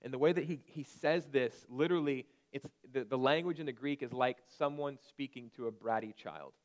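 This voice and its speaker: Man preaching a lively sermon. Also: medium pitch, fairly quick. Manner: conversational preaching with sudden shouted commands. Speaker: pastor.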